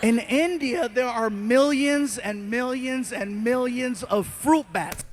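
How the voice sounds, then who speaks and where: A man's voice: very high voice, slow pace, a little hiss or hum. Man telling a stand-up story on stage. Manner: animated storytelling, many put-on voices. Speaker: stand-up comedian. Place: live stage before a large laughing crowd.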